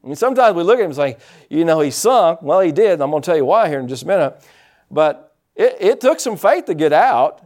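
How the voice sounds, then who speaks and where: A male pastor with a fairly high voice preaches fast and animatedly. He acts out quotes and calls on the congregation to respond.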